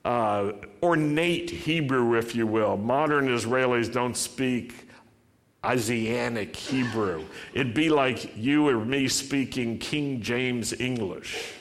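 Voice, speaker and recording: A man's voice: medium pitch, slow, long reverb tail. A man preaching a sermon, driving his points home with emphatic, repeated rhetorical questions.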